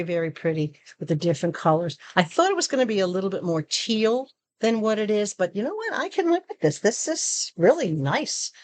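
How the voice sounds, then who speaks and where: A woman chatting casually through a product unboxing, showing each item as she talks. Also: fairly low pitch. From Arizona. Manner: chatty, shows items while talking. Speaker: product review vlogger.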